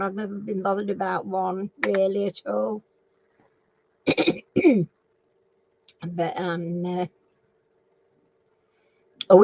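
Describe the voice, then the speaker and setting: A Northern English woman hosting a casual live-stream chat. She rambles along and keeps clearing a frog in her throat. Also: mid-range voice, darkish tone, low-quality recording. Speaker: live chat and quiz host.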